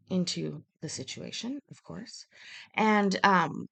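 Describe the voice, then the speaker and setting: A woman's voice: fairly low pitch, lively intonation, normal speed. Blunt, profane woman chatting on stream. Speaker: live streamer. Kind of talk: casual chat stream. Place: hotel room.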